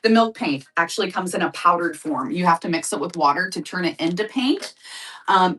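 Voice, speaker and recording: A woman's voice: on the low side, a bit bright, distant mic. A woman hosting a live craft-supply sale, chatting casually and upbeat with viewers. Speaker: live shopping host. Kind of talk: casual live-stream sales chat.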